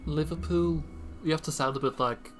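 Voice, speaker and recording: A man's voice: a little high, normal speed. A man bantering while playing a video game, joking and wry, talking as a historian. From United Kingdom. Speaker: streamer, historian. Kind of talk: casual gameplay chat. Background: game music.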